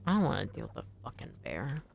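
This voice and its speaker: A woman streamer chatting casually while playing a game, rambling with many fillers, swearing freely and breaking into sudden excited outbursts. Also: extremely low pitch, fast, creaky, breathy edge. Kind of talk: casual live gameplay chat.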